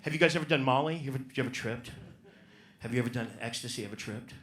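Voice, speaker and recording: Man, stand-up comedian, profane, brash, bright sharp voice, comedy club stage. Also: medium pitch, fast. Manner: profane, brash, riffs on audience. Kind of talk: stand-up set, crowd work.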